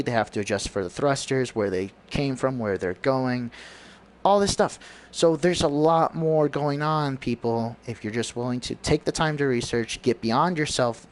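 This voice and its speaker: A man giving a rambling, preachy monologue on his livestream, often searching for words. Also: medium pitch. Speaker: livestream host.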